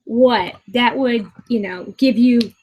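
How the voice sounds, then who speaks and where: Ranting at her boyfriend's house, a female vlogger in her twenties sounds exasperated, swears a lot, and keeps stumbling and restarting in her commentary video. Her voice is a little high, a little mellow, and husky, and the recording is rough.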